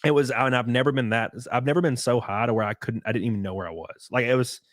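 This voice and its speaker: A young man in casual podcast chat, rambling through a story with lots of likes and restarts and sudden bursts of excitement. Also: mid-range voice, quick pace, no room sound, studio quality. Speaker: podcast guest.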